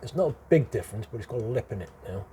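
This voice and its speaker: Speaking very fast with animation, this middle-aged man has a low-leaning, dark voice with a British English accent. He presents as an airgun hobbyist doing a casual repair walkthrough, explaining each step chattily and chuckling in between. Slight background noise is present.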